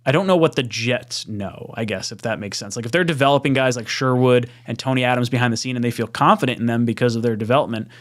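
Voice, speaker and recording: A man's voice: mid-range voice, quick pace, hardly any pauses. Easygoing man hosting a podcast. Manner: laughing, easygoing. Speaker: podcast host. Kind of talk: casual chat, reading live chat.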